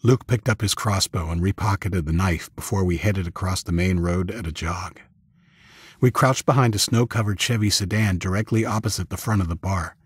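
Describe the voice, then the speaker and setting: A man narrating a first-person audiobook in a steady, even storytelling manner. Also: sits low, husky, no echo, studio quality.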